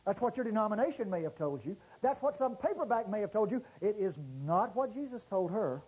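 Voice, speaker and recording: A man preaching a sermon to a congregation, swinging from low murmurs to loud exclamations and drawing out key words. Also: animated, slightly rough, lo-fi sound. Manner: drawn-out stressed words. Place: church service before a congregation.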